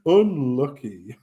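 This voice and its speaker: A man co-hosting a stream, telling a pub anecdote in a casual, animated way with frequent swearing and laughter. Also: high voice. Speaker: stream co-host. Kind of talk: casual storytelling.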